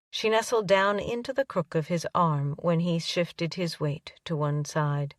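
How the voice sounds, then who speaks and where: A woman narrating a romance audiobook in an even, unhurried storytelling manner. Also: lowish voice, no room sound, studio quality, recorded from a distance.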